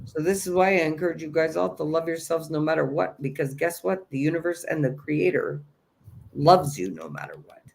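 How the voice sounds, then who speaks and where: A man's voice: on the high side, expressive, fairly quick, vocal fry. An earnest man with a slightly raised voice speaks as the host of a spiritual livestream. He gives a motivational self-help talk, encouraging and insistent, repeating his key phrases.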